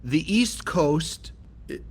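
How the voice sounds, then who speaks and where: A man's voice: fairly high pitch, sing-song, very slow, vocal fry, darkish tone, breathy edge. A man from California teaching a spiritual lesson, emphatic and often asking his listeners rhetorical questions. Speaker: Kabbalah teacher.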